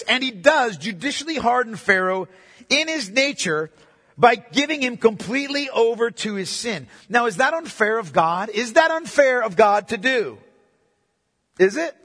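A high-pitched man with a husky edge preaches a verse-by-verse sermon in a church. He drives each point home by repeating it and tossing questions to the congregation. His voice rings out with long reverb through the hall. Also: a bit bright. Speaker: pastor. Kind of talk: expository sermon. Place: church sanctuary.

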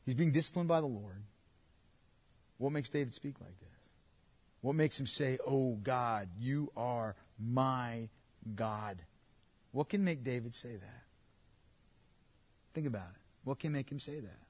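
A man preaching a sermon, emphatic, swinging between loud urging and hushed, quiet asides. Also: mid-range voice, lively intonation, normal speed, pauses often, breathy edge. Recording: long hall reverb.

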